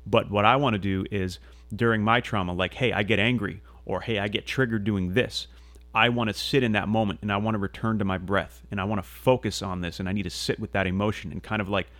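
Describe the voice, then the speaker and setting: On a podcast, a man with a low-side, slightly bright voice talks fast in a steady tone, recorded dry. His casual monologue is earnest and rambling, full of restarts, fillers, and offhand swearing.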